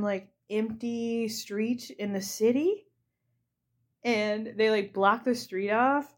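Young woman host rambling through a funny movie recap, slow and giggly, lots of likes. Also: a little high. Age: young adult. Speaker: podcast host.

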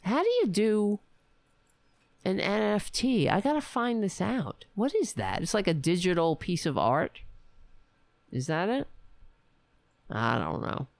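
A woman's voice: mid-range voice, sing-song, measured pace, gravelly, pauses often, dry recording. A woman hosting a casual home livestream, chatting wryly with her viewers and thanking supporters. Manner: chatty, wry, talks to her pets in a soft coaxing voice. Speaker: livestream host. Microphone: home webcam mic.

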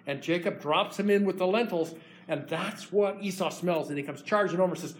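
A preacher retelling a biblical story in his sermon, lively and animated. His voice sits a little high and carries the drama of the scene. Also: fairly quick.

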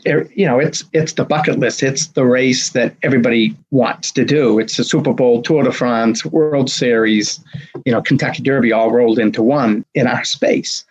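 A man in his sixties, a race director telling a story in an interview, acting out the dialogue with lively energy. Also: medium pitch, husky, lo-fi sound. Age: 60s. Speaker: marathon race director, guest. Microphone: video call.

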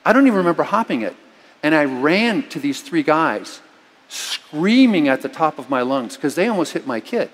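A middle-aged man preaching a sermon, telling a personal story with sudden loud, emphatic lines. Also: fairly high pitch, sing-song, moderate pace. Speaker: pastor. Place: church. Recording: long reverb of a church hall.

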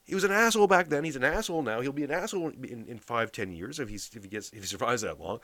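A man's voice: mid-range voice, fast talker, heavy background noise. A man from Canada giving a blunt, sarcastic political rant, swearing heavily.

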